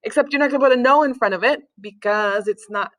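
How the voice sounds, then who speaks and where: A woman Spanish teacher explaining grammar patiently, with fillers and pauses. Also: on the high side. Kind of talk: recorded classroom lesson.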